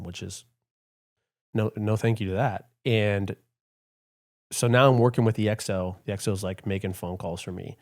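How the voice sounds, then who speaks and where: Low-voiced man telling stories casually. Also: normal speed, creaky. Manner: animated storyteller, many fillers, acts out quotes. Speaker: retired Air Force colonel, podcast guest. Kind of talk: casual storytelling interview.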